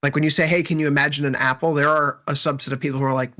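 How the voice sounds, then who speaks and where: Bright-voiced man in wry market chat. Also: fairly high pitch, level tone, rapid-fire. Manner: rambling, wry, joking asides. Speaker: market commentator.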